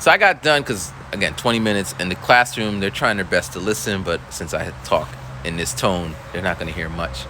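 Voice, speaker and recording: A man's voice: sits low, fairly quick, hardly any pauses, background noise. A male schoolteacher telling a story in a casual, rambling monologue, full of restarts and voiced quotes. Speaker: school teacher.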